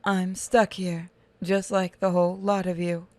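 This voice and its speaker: A woman voicing a bitter, self-pitying male cyborg prisoner through a robot voice effect, speaking quietly and flatly. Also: fairly low pitch, unhurried, no room sound.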